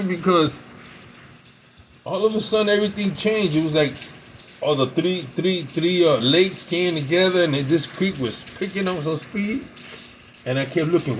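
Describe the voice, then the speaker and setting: A man with a somewhat high voice tells a story in a loose, rambling way, laughing often and stumbling over repeated words. A faint hiss sits under the recording. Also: unhurried, pauses often, low-quality recording. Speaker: pipe-smoking video host. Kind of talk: casual storytelling.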